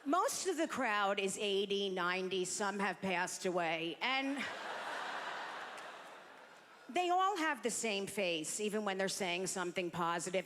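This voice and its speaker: A woman's voice: medium pitch, expressive, normal speed, hardly any pauses, long reverb tail, background noise. A woman doing a brash, self-deprecating stand-up set on a comedy stage into a handheld mic.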